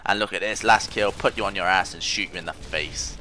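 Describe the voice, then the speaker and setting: Low, bright-voiced gaming commentator. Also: male voice, fairly quick, slight background noise. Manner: rambling, self-mocking, trash-talks opponents. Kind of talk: casual gameplay commentary.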